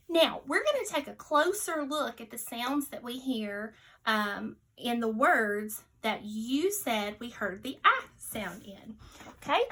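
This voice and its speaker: A woman teaching a phonics lesson to young children, speaking in slow, encouraging, sing-song teacher talk and sounding out letters and words. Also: on the high side, pushed and bright.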